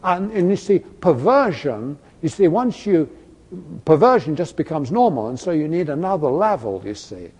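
A man delivers a sermon in a church with a long, ringing reverb. His voice sits a little high, and he builds his points with questions and repeated "you see"s. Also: very animated, normal speed, a little mellow, breathy edge. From Britain. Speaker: preacher. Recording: echoey hall, long reverb.

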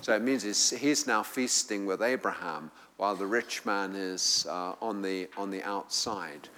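A man's voice: fairly low pitch, unhurried, sharp tone, a little hiss or hum. A man preaching a sermon to a congregation, emphatic and rising to fervent appeals. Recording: long hall reverb.

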